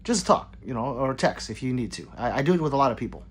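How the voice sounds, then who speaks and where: A man's voice: medium pitch, big pitch swings, quick pace, breathy edge. A man hosting a casual livestream, reading viewer comments aloud in a rambling, apologetic way and muttering between them. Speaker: gun channel livestream host.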